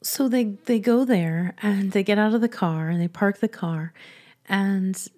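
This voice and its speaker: A woman telling a personal story in a chatty, soft-spoken way, often laughing between sentences. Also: mid-range voice, unhurried. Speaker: business coach and podcast host.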